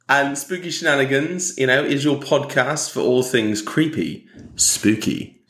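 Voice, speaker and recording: A man co-hosting a spooky podcast in a jokey, teasing way, with laughs never far off. He speaks slowly, and his voice rises and falls a lot. The room around him sounds echoey. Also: mid-range voice, sing-song, a bit bright. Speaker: podcast co-host. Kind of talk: casual podcast chat.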